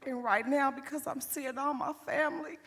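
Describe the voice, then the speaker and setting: A woman with a weak, quiet voice gives a halting funeral tribute, her voice pitched quite high. The words trail off into a long hall reverb. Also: steady tone. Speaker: family member giving a tribute. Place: funeral home chapel.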